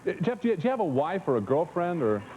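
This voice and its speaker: A man's voice: fairly high pitch, big pitch swings, quick pace, phone-quality sound, a little hiss or hum. Stammering, jokey male TV co-host. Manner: stammering, jokey, repeats words. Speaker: talk show co-host. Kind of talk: jokey TV talk chat.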